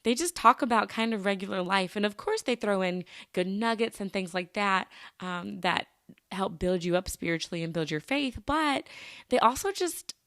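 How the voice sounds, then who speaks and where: A bubbly young woman hosts her solo podcast, chatting casually and laughing often as she talks. Her voice sits at an ordinary pitch for a woman. It is recorded close and dry, with no room sound around it. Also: lively intonation, normal speed, a bit bright, no room sound. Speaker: podcast host.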